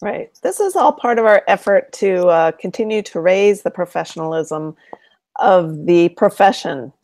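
A woman co-hosting a podcast, chiming in with measured, supportive comments. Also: lowish voice, lively intonation, darkish tone, dry recording. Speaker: podcast co-host. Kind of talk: casual chat.

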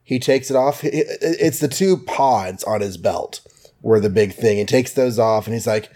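A man co-hosting a podcast, casually recapping an old comic book with jokes and quick quoted voices. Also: fairly low pitch, dark tone. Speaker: podcast co-host.

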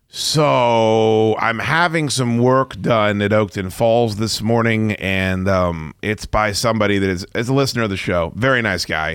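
A man hosting a talk radio show, ranting in a loud, profane way and laughing between lines. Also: on the low side, smooth, no echo.

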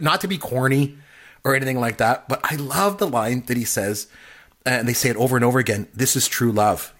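Guy chatting about a movie, kinda husky, gets animated doing quotes. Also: medium pitch. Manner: animated, acts out quotes in funny voices. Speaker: podcast co-host. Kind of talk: casual chat about a film.

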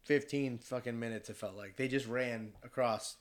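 A man from Michigan, mid-range in pitch and moderately paced, shares a hunting story over casual talk. He gets animated, curses freely, and acts out everyone's voices.

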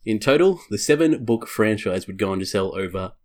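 A man with a fairly low voice carries a podcast segment, reading prepared notes in a casual, wry way. He breaks off for dry jokes and drops the odd swear word. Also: expressive, brisk. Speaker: podcast host.

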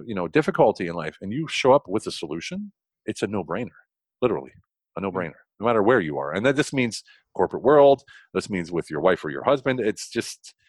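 A middle-aged American man, a consultant guest on a podcast, telling stories with lots of energy, restarting sentences and leaping up in pitch for emphasis. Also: no echo. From United States. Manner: fast, enthusiastic, frequent restarts, jumps high in pitch for emphasis. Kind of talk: animated storytelling interview.

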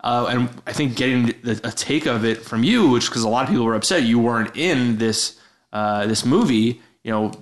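Man co-hosting a comedy review podcast. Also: medium pitch. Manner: halting, full of restarts. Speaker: podcast co-host.

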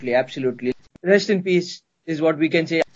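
A man hosting a news discussion in measured, formal phrasing. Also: on the high side, dull audio.

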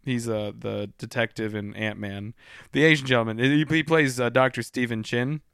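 A man's voice: mid-range voice, fairly even intonation, normal speed, creaky, a bit bright, clean tone, dry recording, studio quality. Easygoing young man chatting casually. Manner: laid-back, joking, trails off into restarts. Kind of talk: casual podcast chat.

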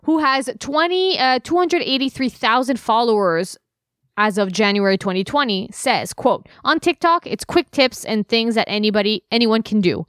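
A woman co-hosting a podcast with a somewhat high voice. She chats casually, swears freely and reads out quotes with a sarcastic edge. The sound is dry and close, with no room echo. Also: expressive, normal speed, fairly bright tone. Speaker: podcast co-host. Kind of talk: casual chat.

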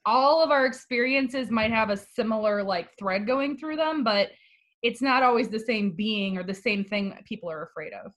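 A woman's voice: a little high, lively intonation, normal speed. A woman guest on a podcast, chatting casually and asking thoughtful questions.

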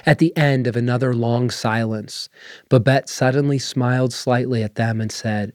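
A man reading a literary story aloud in measured, unhurried narration. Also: mid-range voice, fairly even intonation, a little mellow, no echo, studio quality. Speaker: story reader. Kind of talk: scripted narration.

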